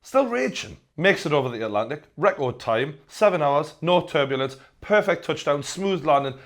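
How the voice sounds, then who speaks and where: Young geordie guy doing a sarcastic news rant, deadpan gags, voice sits a bit high. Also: moderate pace. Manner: sarcastic, repeats punchlines deadpan. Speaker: host.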